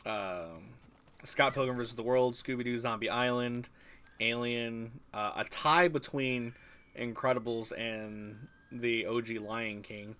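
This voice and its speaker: A man's voice: medium pitch, fairly even intonation, a little slow, pushed and bright, clear, resonant tone. A young man chatting casually with friends during a game stream, rambling with many fillers and crude jokes. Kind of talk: casual gaming chat. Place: online voice chat.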